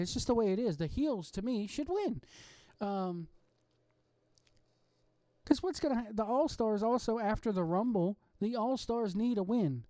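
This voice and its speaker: Late at night from home, a podcast host launches into a loose, rambling rant, getting excitable and swearing freely. His medium-pitched voice is mellow and dark, recorded close and dry with no room sound or echo.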